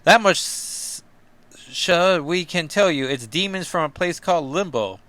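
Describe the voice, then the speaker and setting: A young male hero with a put-on Kentucky drawl, as a man reads him out. He sounds folksy and earnest, pitched a little above the reader's own voice. The tone is bright and crisp, with a dry, close sound. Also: animated, measured pace, no echo.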